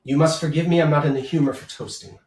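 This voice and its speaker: A man's voice: fairly high pitch, steady tone, fast talker, darkish tone, lightly acted. A man voicing a pompous, short-tempered old lord, a figure in a tabletop game. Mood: stiffly polite. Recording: echoey room, mic far off.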